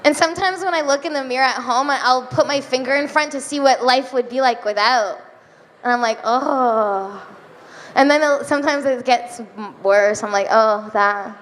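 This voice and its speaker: A young woman performing a stand-up comedy set, giggly and self-deprecating, with drawn-out deadpan asides. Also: sits high. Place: comedy club stage before a live audience. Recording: live club recording with reverb, faint room noise.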